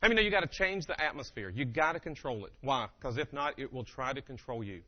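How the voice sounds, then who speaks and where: A man giving a humorous motivational keynote, telling stories with animated delivery and acting out quotes, on a dull lo-fi recording. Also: mid-range voice, fast talker. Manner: animated, acts out quotes and impressions.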